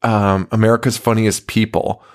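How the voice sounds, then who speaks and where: A man's voice: on the low side, little pitch movement, moderate pace. A man in his thirties co-hosting a podcast, rambling and laughing with profanity. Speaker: podcast co-host. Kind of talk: casual chat.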